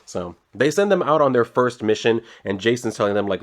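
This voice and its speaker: A man's voice: mid-range voice, expressive, brisk, few pauses. Chatty man recapping a comic. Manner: rambling, profane, chatty retelling with frequent "like". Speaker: comic book video host.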